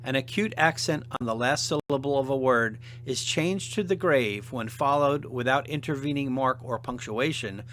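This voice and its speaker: Measured male seminary lecturer. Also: medium pitch, fairly bright tone, a little hiss or hum. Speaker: seminary instructor. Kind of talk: scripted lecture narration.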